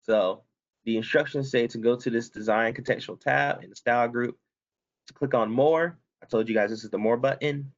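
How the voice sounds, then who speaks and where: A male instructor with a medium-pitched voice and moderate pace walks students step by step through a spreadsheet in a screen-recorded software tutorial. The sound is lo-fi, and he's casual, correcting himself as he goes.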